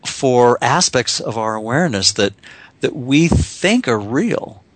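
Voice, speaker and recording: Halting, reflective man in dry sound. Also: mid-range voice, lively intonation, dry recording. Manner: halting, many restarts and repeated words. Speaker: author guest. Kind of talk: casual reflective conversation.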